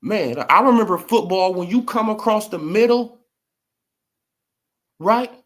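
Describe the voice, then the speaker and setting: A man's voice: high voice, measured pace. A man ranting about sports in a casual commentary video, emphatic and repetitive. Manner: animated, emphatic, repeats "bro" and "right?".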